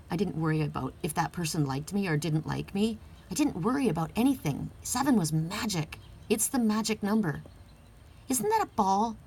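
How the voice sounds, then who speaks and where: A woman's voice: on the low side, darkish tone, husky. Earnest woman reading oracle cards. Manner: earnest, emphatic, heartfelt, with occasional swearing. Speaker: oracle card reader. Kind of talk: casual spiritual card reading.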